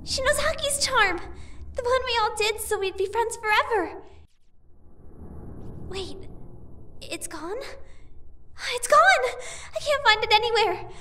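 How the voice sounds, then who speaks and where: A woman's voice: extremely high pitch, moderate pace, bright, forceful tone. A woman voicing a frightened teenage schoolgirl in a fan game dub, talking anxiously to herself. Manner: anxious, breathless self-talk.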